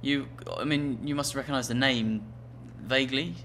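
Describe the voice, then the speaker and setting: A man's voice: mid-range voice, fairly even intonation, normal speed, fairly bright tone, a little hiss or hum. A man co-hosting a podcast, reading listener emails aloud with dry, wry humour. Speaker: podcast co-host. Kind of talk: casual comedic chat.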